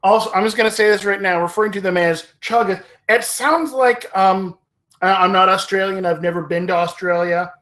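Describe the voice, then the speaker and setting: A man hosting a livestream in casual chat, rambling and hesitant, with many pauses and self-corrections. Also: sits high, a bit bright. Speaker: livestream host.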